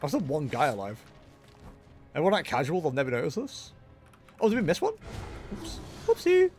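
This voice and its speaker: A young game streamer gives casual, jokey gameplay commentary, poking fun at himself and chatting with viewers. His voice is fairly high, sing-song, fairly quick and darkish in tone, with faint music behind.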